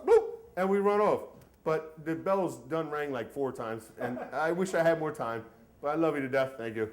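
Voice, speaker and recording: A male storyteller performs a funny personal story live, mocking himself as he goes. His voice is a little high for a man and swings widely in pitch, which makes him sound lively. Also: takes it slowly, a little hiss or hum. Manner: animated, comic, self-mocking.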